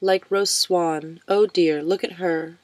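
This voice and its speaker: A woman voicing a cheerful, eccentric woman nearly eighty, chatting brightly and a little louder than her narration. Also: fairly low pitch, steady tone, slow. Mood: lively.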